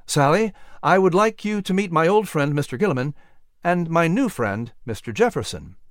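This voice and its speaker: A man voicing a cheerful, talkative young fiddler in a storybook reading, hearty and animated. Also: on the high side, normal speed, no room sound, studio quality, voice pushed up.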